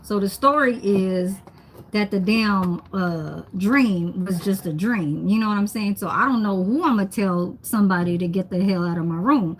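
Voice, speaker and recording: A young woman livestreams from her home kitchen as she cooks, chatting easily, reading out comments, and laughing a lot. She speaks at a moderate pace in a mid-range voice, with a little background noise audible.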